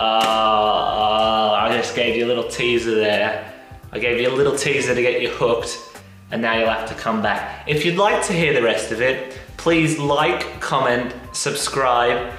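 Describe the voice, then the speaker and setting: A man's voice: mid-range voice, fairly bright tone. A young man in a casual comedic vlog, rambling in a jokey, self-deprecating way. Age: young adult. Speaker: vlogger. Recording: echoey room, far from mic, faint music.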